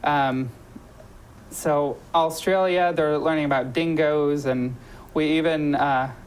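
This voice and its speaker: A woman's voice: low voice, fairly even intonation, slow, a little mellow, a little hiss or hum, rough recording. A woman hosting a local talk show, chatting casually with lots of ums and restarts. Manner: chatty, many ums and self-corrections. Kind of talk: casual promotional chat.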